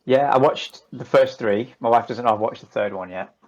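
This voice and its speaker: A man's voice: mid-range voice, normal speed, dull audio, crowd noise. Chatty man with a Lancashire accent. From northern England. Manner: chatty, swearing, jokey. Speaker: podcast guest. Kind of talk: casual chat.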